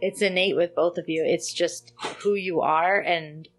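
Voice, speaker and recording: Faint music sits behind this woman as she retells a movie on a podcast she co-hosts, voicing the characters' dialogue in a casual chat. Her voice is lowish, with fairly even intonation and a measured pace.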